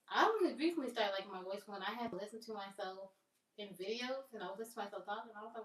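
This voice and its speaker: Woman, live-stream chat, rambling, self-amused, mid pitch, echoey room, distant mic. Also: fast talker, fairly bright tone. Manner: chatty, self-amused, laughs at own jokes.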